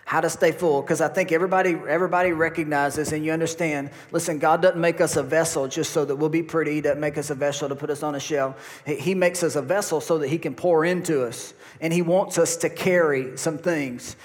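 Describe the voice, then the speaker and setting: A man preaches to his congregation, his voice sitting a touch high for a man. He keeps asking the listeners questions. A long reverb hangs behind him, as in a church hall. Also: fairly even intonation, a little fast, few pauses. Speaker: pastor. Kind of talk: sermon. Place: church sanctuary.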